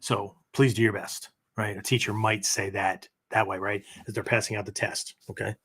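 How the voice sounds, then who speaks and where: Speaking at a moderate pace, the middle-aged American host of a martial arts podcast has a husky, lowish voice that stays level but sounds sharp. His explanations of phrases ramble and self-correct in a casual teaching manner, with "right?" or "okay?" closing almost every sentence.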